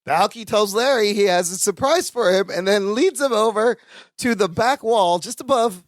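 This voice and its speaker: A man co-hosting a sitcom rewatch podcast recaps scenes enthusiastically and laughs often in casual chat. His voice sits high, at normal speed, with no echo.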